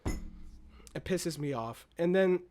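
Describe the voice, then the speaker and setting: Young guy, fairly high voice, swears nonstop, rambling and fired-up vlog reviewer. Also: slow. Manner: excitable, profane, rambling retelling. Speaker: movie reviewer. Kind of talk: casual movie review vlog.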